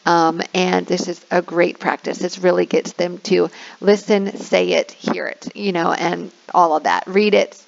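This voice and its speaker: A young woman guides other teachers through an online lesson, explaining each step and showing how she drills words with cheerful praise. Her voice carries a gravelly fry, and the recording sounds muffled and lo-fi. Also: fairly low pitch, flat delivery, measured pace. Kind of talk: screen-recorded teaching tutorial. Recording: dull lo-fi sound.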